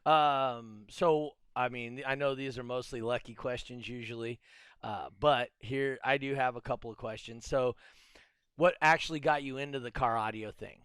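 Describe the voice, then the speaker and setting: Easygoing podcast host guy, smooth voice, dry close sound. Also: medium pitch, fairly even intonation, moderate pace, fairly bright tone, no echo. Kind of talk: casual chat.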